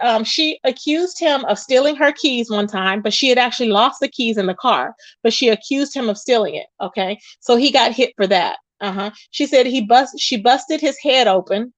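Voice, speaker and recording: Animated woman retelling drama to viewers. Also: a little high, no echo, low-quality recording. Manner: animated retelling, quotes others in raised voice, addresses viewers directly. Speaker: commentary channel host. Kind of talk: casual commentary livestream.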